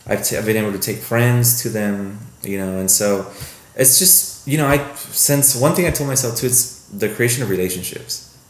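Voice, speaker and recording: Low-voiced man telling stories, roomy sound. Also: normal speed, few pauses. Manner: rambling, animated, acts out quoted voices. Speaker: film producer guest. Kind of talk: casual podcast storytelling. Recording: echoey room with faint noise.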